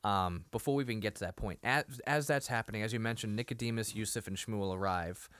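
A man's voice: lowish voice, fast, a bit bright, no echo. A man co-hosting a podcast, casually retelling a TV episode and acting out the scenes with frequent laughs. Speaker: podcast co-host.

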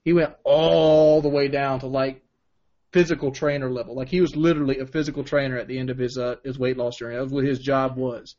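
A man's voice: medium pitch, level tone, brisk, a little mellow, lo-fi sound. A man hosting a casual podcast, asking questions in a teasing, joking way. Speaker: podcast host.

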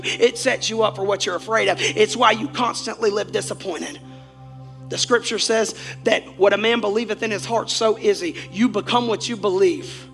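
A man preaching a Sunday sermon as pastor, animated and swinging between shouted lines and quiet asides. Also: sits high, moderate pace, vocal fry, faint music behind.

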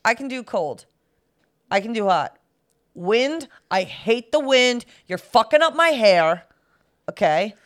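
A woman's voice: a little high, big pitch swings, takes it slowly, long pauses. A woman co-hosting a casual chat about news, playful and jokey, laughing often and swearing casually. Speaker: co-host.

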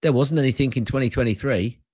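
A man's voice: medium pitch, fast talker, a little mellow, slightly rough, dry recording. An older man co-hosting a casual tech podcast, wry and given to ranting, laughing often as he talks. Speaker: podcast co-host.

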